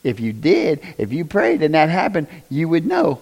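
A man preaching a conversational sermon, often asking the congregation questions and rising to loud, emphatic bursts. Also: fairly high pitch, very animated, normal speed, gravelly, few pauses. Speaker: pastor.

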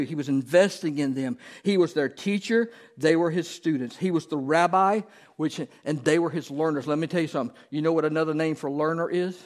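A pastor preaching a conversational sermon, often turning to ask the congregation questions. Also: male voice, on the high side.

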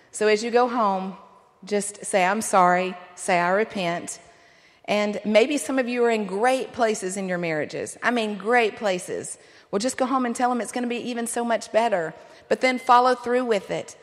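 A middle-aged woman giving a sermon-style talk to a men's conference, earnest and encouraging, with lively asides. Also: mid-range voice, measured pace. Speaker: pastor's wife speaking at a men's conference. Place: large hall. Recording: long hall reverb.

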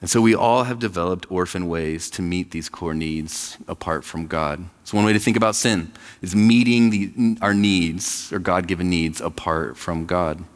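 Deep-voiced pastor preaching in a hall. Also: male voice, moderate pace, hardly any pauses. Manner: conversational, acts out quoted voices. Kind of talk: sermon. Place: church sanctuary.

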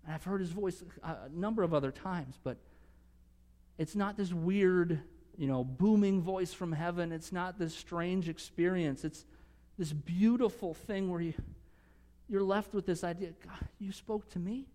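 A man preaching a sermon earnestly, swinging from emphatic conviction to soft, hushed moments. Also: sits high, measured pace, big-room sound. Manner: earnest, rising to emphatic conviction, dropping to soft near-whispers. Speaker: pastor.

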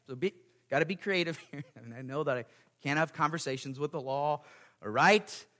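High-voiced, bright male preacher. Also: normal speed. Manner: emphatic, playful asides. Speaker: pastor. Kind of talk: sermon.

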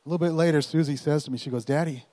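A man in his forties, a pastor, telling a personal story in a sermon, animated and folksy, with chuckling asides. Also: on the high side, rapid-fire, in a large hall.

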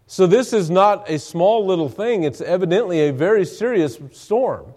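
A man's voice: sits high, expressive, normal speed, darkish tone. A male preacher giving an evening sermon in a church, reading scripture aloud and explaining it earnestly. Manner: earnest, reads King James scripture then explains it.

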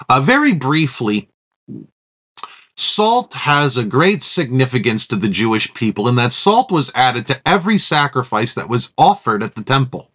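Middle-aged male pastor, sermon teaching, mid-pitched, conversational with hesitations. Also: very animated, a little slow, a bit bright. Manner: thinking aloud with fillers and restarts, reads Scripture aloud.

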